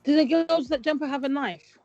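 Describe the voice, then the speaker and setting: A woman, co-hosting a casual chat and telling stories with lively acted-out quotes. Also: high voice, fairly quick, no echo. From Britain. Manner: animated storytelling, acts out quotes. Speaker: podcast co-host. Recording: dull lo-fi sound with faint music.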